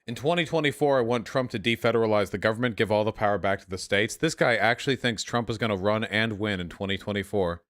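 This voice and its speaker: A young man hosting a livestream, reacting to chat with sarcastic, animated commentary full of swearing. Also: fairly low pitch, fast talker, hardly any pauses. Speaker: livestream host.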